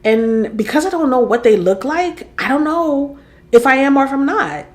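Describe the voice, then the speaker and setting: A woman's voice: sits high, expressive, moderate pace. A woman in her forties talking candidly in a personal vlog, reflective and openly vulnerable, admitting she rambles as she thinks aloud. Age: 40s. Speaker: content creator and podcaster.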